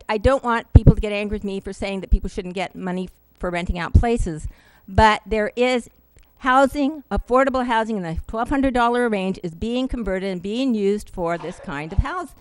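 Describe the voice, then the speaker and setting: A woman giving an earnest, emotional public comment at a city council meeting, halting now and then with fillers, into a podium microphone. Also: mid-range voice, smooth, no room sound, low-quality recording.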